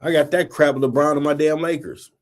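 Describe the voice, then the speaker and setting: A man's voice: fairly high pitch, fairly even intonation, a little fast. Blunt, heated male sports talk host. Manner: blunt, heated, colloquial, scolding. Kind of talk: opinionated sports rant.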